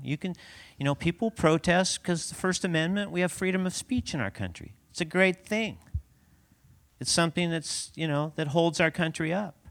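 A man's voice: on the high side, a bit bright. A man giving a conversational sermon as a pastor in a church, laughing often and asking the congregation rhetorical questions.

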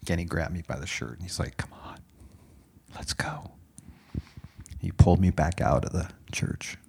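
A man preaching a sermon as a dramatic story, dropping to hushed whispers and rising to loud exclaims. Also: low voice, fast, vocal fry, breathy edge.

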